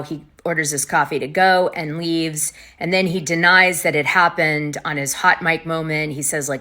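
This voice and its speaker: A woman hosting a casual reality TV recap, chatty and gossipy, with quick asides. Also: low voice, sharp tone. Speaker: gossip show host.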